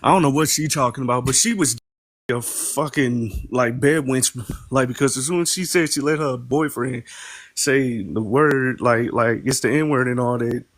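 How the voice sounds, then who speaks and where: Casual man calling in. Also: medium pitch. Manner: loose, halting, full of "like". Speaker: caller. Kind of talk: casual chat.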